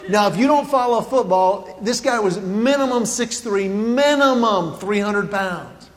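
Man, high voice, comic storyteller, long hall reverb. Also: a little slow. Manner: animated comic storyteller, acts out his own panic. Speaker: speaker. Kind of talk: humorous storytelling talk. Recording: hall reverb, faint background noise.

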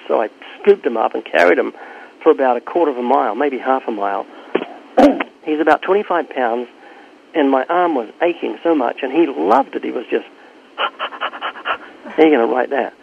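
Gravelly man, tinny phone-like sound. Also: mid-range voice, moderate pace, slight background noise. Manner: animated, acts out both sides of conversations. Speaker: street preacher. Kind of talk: interview answers, storytelling.

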